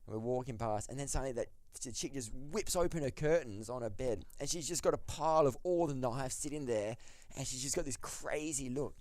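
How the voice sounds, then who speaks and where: A man's voice: medium pitch, fairly quick, few pauses, a little mellow, no room sound. Rambling guy, dry close mic. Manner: rambling, filler-heavy, laughs through the story. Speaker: podcast guest. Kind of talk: casual storytelling chat.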